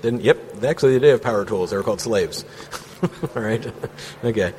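A man's voice: on the low side, lively intonation, moderate pace, a little mellow. A man leading an informal Bible study, reading scripture aloud and breaking off to chat and joke with the group. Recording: roomy hall reverb.

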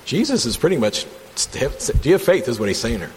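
A man's voice: medium pitch, sing-song, a little fast. A man leading a casual Bible study from home, reading passages and commenting with enthusiasm in a conversational way. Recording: long reverb, faint background hum.

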